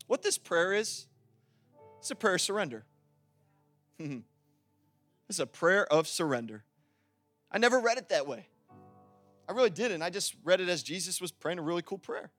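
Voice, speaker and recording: A man preaching a sermon in a casual, conversational way, breaking into loud, emphatic bursts. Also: high voice, very animated, moderate pace, pauses often, faint music behind.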